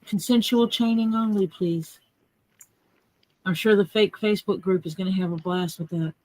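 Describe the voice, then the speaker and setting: A woman's voice: medium pitch, steady tone, normal speed, a little mellow, no room sound, low-quality recording. A woman hosting a casual livestream while doing leatherwork, tossing out joking asides as she works. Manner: joking asides while working with her hands.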